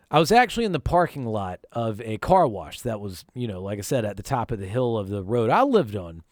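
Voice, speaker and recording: Storytime vlogger from North Carolina, animated pitch, casual and swearing, dry close sound. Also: male voice, no room sound. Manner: profane, conversational, emphatic. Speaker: vlog host telling a personal story.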